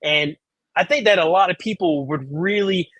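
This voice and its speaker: A man's voice: high-pitched, moderate pace, a bit bright, no room sound. A man co-hosting a podcast, chatting casually in a rambling, profane, self-mocking way. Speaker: podcast co-host. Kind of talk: casual chat.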